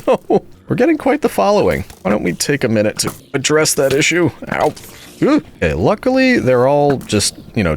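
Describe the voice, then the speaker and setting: A man's voice: lowish voice, slight background noise. A man giving casual gameplay commentary as host, chatty and talking back to the monsters he meets. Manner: chatty, talks back to the monsters, swings between calm and exasperated. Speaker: gaming video host.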